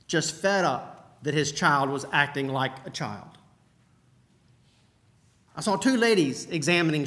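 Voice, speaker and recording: High-voiced male pastor, conversational sermon delivery. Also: fairly bright tone. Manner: storytelling, conversational preaching.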